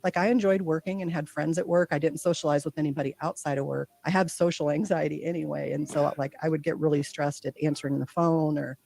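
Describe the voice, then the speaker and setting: Gravelly-voiced woman telling a heartfelt story. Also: deep voice, steady tone, quick pace, hardly any pauses, dark tone. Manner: earnest, heartfelt; acts out her own inner voice in quotes. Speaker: guest. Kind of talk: personal storytelling.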